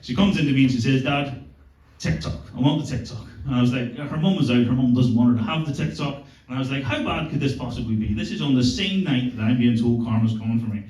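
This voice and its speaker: Fast and barely pausing, a stand-up comedian in his forties delivers swaggering, profane family stories in a medium-pitched, darkish voice. The audio has a roomy club feel, with the mic set back and audience noise audible.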